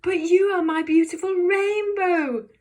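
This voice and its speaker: A woman voicing a young male tadpole in a children's storybook, with a high, loud, drawn-out pleading voice. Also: fairly even intonation.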